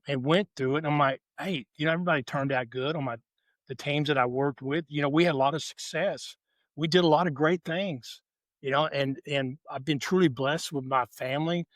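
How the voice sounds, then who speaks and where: An older man speaking as a podcast guest at a live conference session, reflective and halting, often restarting his thoughts. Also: fairly high pitch, no room sound. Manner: halting, frequent "you know" and restarts. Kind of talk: reflective conversation.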